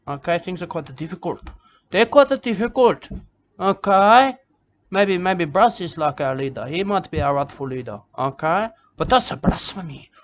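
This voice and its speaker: Comic bushman poet, self-important and repetitive, raised pitch, put on by a man. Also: a bit bright, a little hiss or hum. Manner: rambling, repetitive, ends lines with "okay?" and "mate". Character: rambling self-important male Australian bush poet. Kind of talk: comic character monologue.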